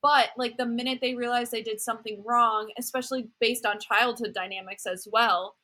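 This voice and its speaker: A woman's voice: a little high, steady tone, bright, forceful tone. A woman guest in a casual podcast chat, talking things through thoughtfully with lots of "like" fillers. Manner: thoughtful, many "like" fillers, quick agreement. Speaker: podcast guest, dating content creator.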